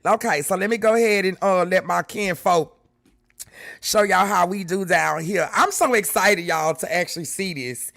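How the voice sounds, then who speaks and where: A woman from Houston with a Southern drawl hosts her livestream, chatting excitedly and breaking into loud laughter. Her voice rings bright and sharp. She talks to her viewers from her computer at home. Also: on the low side, moderate pace, creaky. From Houston, Texas. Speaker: livestream host. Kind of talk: excited casual livestream chat.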